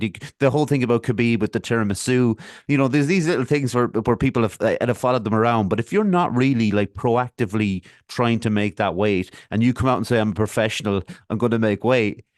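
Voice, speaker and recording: A man's voice: mid-range voice, no echo. Easygoing male podcast host, dry close sound. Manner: easygoing, rambling questions with many fillers. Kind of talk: casual interview chat.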